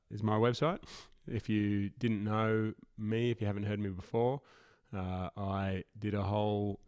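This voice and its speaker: A man's voice: on the low side, no room sound, clean studio sound. A man hosting a podcast on his own, rambling casually with many fillers and chuckling at himself. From Australia. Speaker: podcast host. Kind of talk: casual solo podcast intro.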